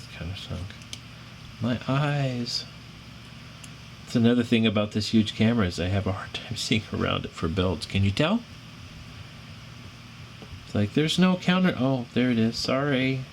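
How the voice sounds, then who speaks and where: A man's voice: lowish voice, normal speed. A middle-aged American man with a rambling, apologetic manner, chatting through a drone frame build on his own channel. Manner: rambling, self-deprecating, apologetic, growls when frustrated. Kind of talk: casual build tutorial chat. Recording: audible background noise.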